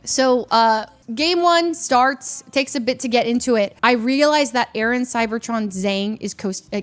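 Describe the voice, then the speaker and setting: A woman streamer telling a story in a casual way, fast and animated, laughing often and stumbling over her words. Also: mid-range voice.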